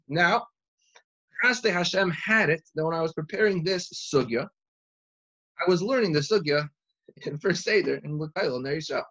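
A young man teaching a Talmud lesson in yeshiva style, animated and full of restarts. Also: high-pitched, moderate pace, dull audio. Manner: animated, uses Hebrew and Yiddish learning terms, many restarts. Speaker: Torah teacher.

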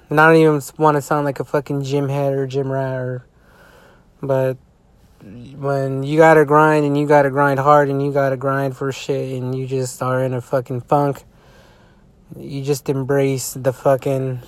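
A man's voice: mid-range voice, clean tone, no room sound. A tired man in a casual vlog rant, rambling with heavy swearing and frequent restarts. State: tired, yawning. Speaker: sports fan vlogger.

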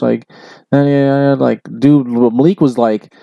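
Mellow-voiced man in rambling casual commentary. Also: mid-range voice, normal speed, gravelly, dry recording, clean studio sound. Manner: rambling, animated retelling with lots of filler "like"; acts out quoted people in raised voices. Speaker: podcast host.

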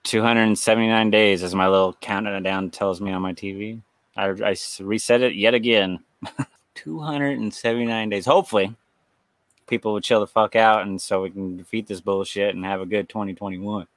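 A man's voice: lowish voice, fairly even intonation, normal speed, a bit bright, no room sound. A man co-hosting a horror podcast, chatting casually with wry, profane jokes. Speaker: podcast co-host. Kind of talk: casual chat.

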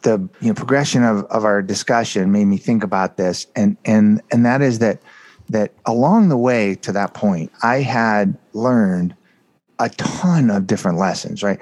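A man with a fairly low voice talks openly about his own life as an interview guest. He tells it earnestly and with animation, with frequent casual asides to the listener. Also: normal speed, darkish tone. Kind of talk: candid personal storytelling.

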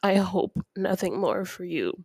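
A woman hosting a podcast, speaking softly and earnestly through tears, sniffling, with small nervous laughs and a heartfelt spoken prayer. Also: lowish voice, lively intonation, measured pace, slightly rough, no echo. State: tearful, sniffling. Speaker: podcast host.

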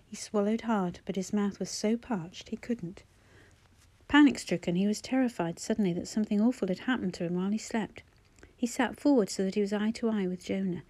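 Audiobook narrator: woman, mellow tone, measured and gentle delivery. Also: medium pitch. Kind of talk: scripted narration.

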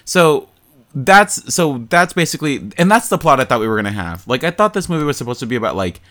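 A man in casual chat, recapping a movie plot in an animated, profane way and mocking the characters. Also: mid-range voice, brisk. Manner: animated, profane storytelling with mocking quoted voices. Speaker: podcast co-host.

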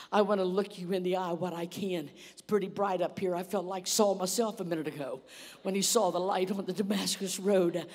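A woman's voice: lowish voice, fairly even intonation, fairly quick, a little mellow, in a large hall. A woman guest speaker preaching a sermon. She tells a story vividly and uses many "uh" fillers.

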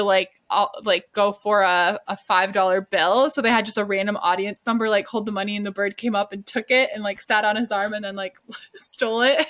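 A woman's voice: medium pitch, fairly bright tone, no echo. A woman co-hosting a podcast, chatting casually in a gushing, rambling way full of fillers. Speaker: podcast co-host. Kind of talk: casual chat.

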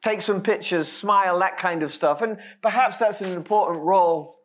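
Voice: mid-range voice, normal speed. A pastor preaching a sermon, speaking emphatically with light, self-deprecating humor.

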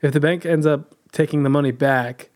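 A man's voice: fairly high pitch, fairly even intonation, moderate pace, darkish tone. A man co-hosting a podcast, making wry, teasing jokes in casual chat. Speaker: podcast co-host.

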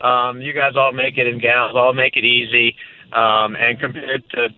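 A man in his thirties with a Southern US accent, a guest talking casually over the phone in a relaxed, hesitant way with many fillers. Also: mid-range voice, normal speed, no echo. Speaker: guest, track executive. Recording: tinny phone line.

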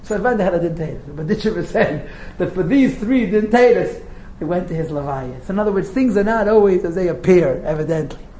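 Teacher, male, lively storyteller with asides, roomy classroom sound, faint hiss. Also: high-pitched, a little fast. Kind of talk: storytelling lecture. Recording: roomy echo with faint noise.

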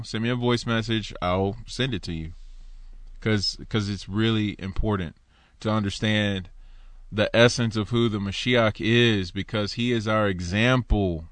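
A man giving an informal Bible teaching in an animated, conversational way, asking his listeners rhetorical questions and reading passages aloud. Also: fairly low pitch, dry recording. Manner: reads scripture aloud.

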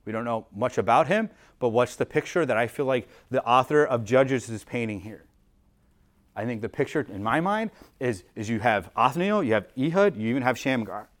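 A male pastor delivers a sermon in a relaxed, talky manner, thinking aloud as he explains the passage. His voice sits in an ordinary middle pitch. He often repeats words and falls back on "like" as he goes. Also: moderate pace. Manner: casual and explanatory, frequent "like" and restarts. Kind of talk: conversational sermon.

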